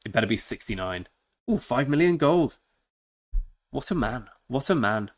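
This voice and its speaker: A man's voice: medium pitch, sing-song, normal speed. A man chatting casually and joking while streaming a strategy game. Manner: chatty, joking, talks to chat. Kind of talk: casual live-stream chat.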